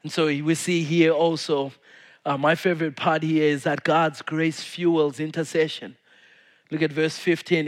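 A man's voice: on the high side, level tone, measured pace. Man preaching a casual sermon. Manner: casual preaching, swings from loud to hushed. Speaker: pastor.

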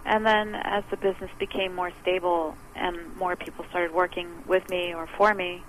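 A woman's voice: fairly low pitch, flat delivery, normal speed, a bit bright, rough recording. A woman business owner is a guest on an interview, with faint noise in the background. She talks chattily and explains her ideas in simple, everyday examples. She often acts out what other people say. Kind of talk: conversational interview.

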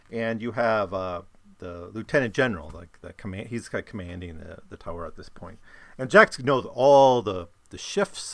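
A man's voice: lowish voice, fairly bright tone, no room sound. A man casually summing up and discussing a novel, rambling with many fillers and restarts. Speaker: book discussion host. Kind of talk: casual book summary talk.

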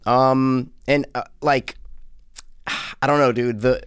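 A man co-hosting a casual movie review chat, talking in a rambling, animated way with many restarts. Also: medium pitch, takes it slowly, clean tone, no room sound, studio quality. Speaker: podcast co-host.

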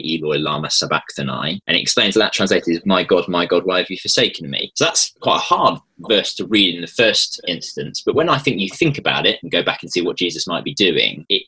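A man's voice: low voice, pushed and bright, slightly rough, low-quality recording. A man explaining Bible passages in casual conversation, thoughtful and hesitant, with many ums and restarts. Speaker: Christian guest explaining the Bible.

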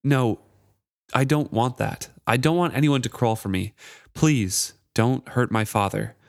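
A man's voice: mid-range voice, measured pace, gravelly, no room sound, studio quality, pitched above the performer's own voice. A man reading aloud as an earnest, polite teenage boy in an audiobook-style passage. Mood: pleading. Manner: pleading then formal, read aloud. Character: young male prisoner-apprentice, earnest and polite.

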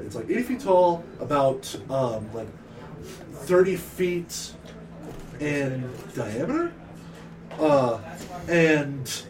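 A man's voice: fairly high pitch, far from the mic. A young man narrating as game master, with lots of fillers and restarts. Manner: halting, filler-heavy narration.

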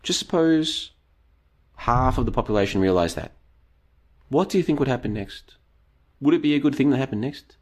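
A man's voice: mid-range voice, expressive, moderate pace, long pauses, a little mellow. A man hosting a live stream. He reads out chat comments and rambles at length, talking to the audience as folks and piling up rhetorical questions, his voice tiring after two hours.

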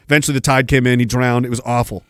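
A man's voice: mid-range voice, level tone, rapid-fire, a bit bright, no room sound, studio quality. A man hosting a podcast, ranting sarcastically and with a lot of profanity while reading out messages. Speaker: podcast host.

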